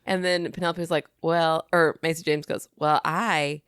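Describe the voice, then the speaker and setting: A woman's voice: sits low, level tone, normal speed, fairly bright tone, clear, resonant tone, dry recording, studio quality. A woman co-hosting a podcast, reacting with frequent gasps and exclamations in casual chat. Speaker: podcast co-host.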